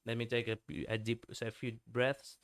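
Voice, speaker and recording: A man's voice: medium pitch, level tone, normal speed, clean tone, no echo. A male streamer giving casual reaction commentary, rambling with lots of fillers and the odd swear word, speaking close to his mic. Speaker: streamer reviewing lore videos.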